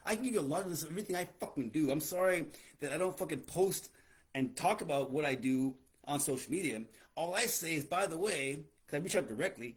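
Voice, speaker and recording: A man's voice: on the high side, animated, fast talker, breathy edge. A man in his forties hosting a podcast, lecturing bluntly with lots of swearing. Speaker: podcast host. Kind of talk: casual podcast rant.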